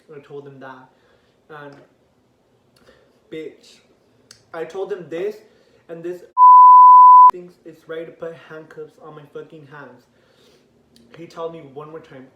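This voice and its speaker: Animated young man in an echoey room. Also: a little high, normal speed. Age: teens. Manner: animated, profane, acts out quotes with rising outrage. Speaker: vlogger. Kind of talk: storytime vlog. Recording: echoey room, voice a bit off-mic, faint hiss.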